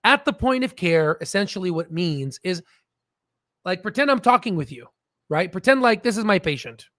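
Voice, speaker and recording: High-voiced rambling stock commentator man. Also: sing-song, moderate pace, a bit bright, no echo. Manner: rambling, jokey, keeps asking "right?". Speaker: stock market video host.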